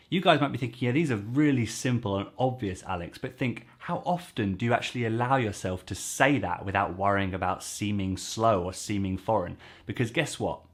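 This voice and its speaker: A man teaching language phrases to camera in a chatty way, repeating each phrase slowly for practice. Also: medium pitch. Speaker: French teacher.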